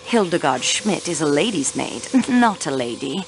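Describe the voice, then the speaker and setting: An actress playing a young railway clerk turned investigator in a mystery video game, polite but insistent in questioning. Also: female voice, low-pitched, sing-song, moderate pace, a little hiss or hum, low-quality recording. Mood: poised, probing. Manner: poised, probing, politely insistent.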